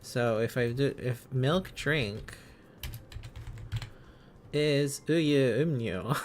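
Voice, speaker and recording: A man's voice: medium pitch, big pitch swings, slow, a little hiss or hum. A man streaming casually, thinking aloud as he learns, sounding out syllables and chuckling often.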